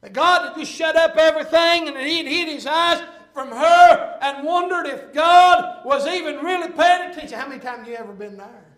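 A man preaching a sermon and reading scripture aloud, impassioned and swelling to shouts, with frequent "uh" fillers. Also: extremely high pitch, normal speed, few pauses. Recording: echoey room.

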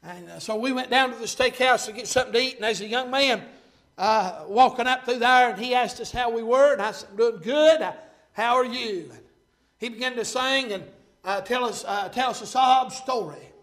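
A middle-aged man preaching a sermon, telling folksy stories and building to fervent, shouted points. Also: extremely high pitch, normal speed. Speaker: pastor.

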